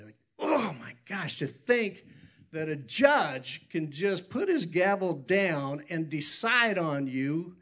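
A man's voice: high voice, a bit bright. A man preaching a sermon in a folksy, rambling storytelling way, often correcting himself and chuckling. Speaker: pastor.

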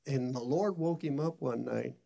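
A middle-aged man preaches with a gravelly, somewhat rough voice at an ordinary pitch. He talks earnestly and conversationally, stumbling and restarting as he tells his story. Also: normal speed, warm tone. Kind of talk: sermon storytelling.

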